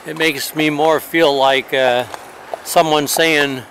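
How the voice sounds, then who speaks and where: Traveling on horseback, a man speaks slowly into his travel diary outdoors, his fairly high voice a bit bright and fairly even in intonation. He's rambling, hesitant, and wry, and a slight hiss or hum sits underneath.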